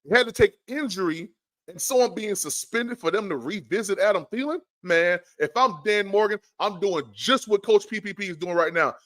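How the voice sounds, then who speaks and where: A man hosting a sports podcast, ranting in an animated, exasperated way with stammering repeats. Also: high-pitched, moderate pace. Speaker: podcast host. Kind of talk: fired-up sports podcast rant.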